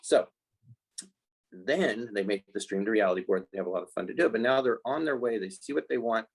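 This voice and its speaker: A man who is a life skills coach for kids, talking in a casual podcast interview. He explains in an animated way and acts out the voices he quotes. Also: on the low side, fairly quick, slightly rough, poor audio.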